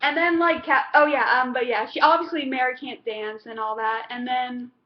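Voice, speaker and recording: High-voiced rambling woman reviewer. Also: fairly even intonation, normal speed, lo-fi sound. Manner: rambling, with many fillers and restarts. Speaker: TV episode reviewer. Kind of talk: casual chat.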